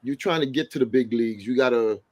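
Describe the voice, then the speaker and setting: A man on a sports panel ticks off his points plainly, one after another. His voice sits at a middle pitch in a dry, close sound. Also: fast, darkish tone, dry recording. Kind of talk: casual sports commentary.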